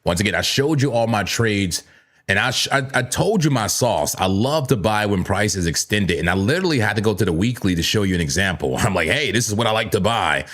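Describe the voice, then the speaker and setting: A man hosts a live crypto chart stream from a home room crowded with screens. His voice sits fairly low but swings widely as he gets excited. He jokes and talks to himself as he goes, now and then rising into playful shouts. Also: brisk. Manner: animated, jokey, talks to himself and yells playfully. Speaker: crypto trading livestream host. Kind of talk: live chart analysis chat.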